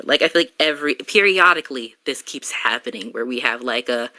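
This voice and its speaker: A woman hosting a podcast in casual chat, talking with lots of "like" fillers and animated asides. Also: a bass voice, a little fast, hardly any pauses. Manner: chatty, heavy use of "like", animated asides. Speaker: podcast host.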